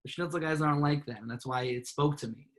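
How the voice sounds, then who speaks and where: A man being interviewed about his life, talking earnestly and warmly, often repeating and restarting words. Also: a little high, fast, poor audio. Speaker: guest, part-time professional clown. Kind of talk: earnest conversational storytelling.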